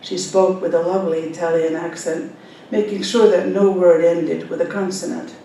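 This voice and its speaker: At a library event hall, a Finnish author in her seventies reads her own novel aloud unhurriedly, with soft fillers and a Finnish accent, then talks about her characters. Her voice has little pitch movement. The hall is echoey, she's far from the mic, and there's a faint rumble.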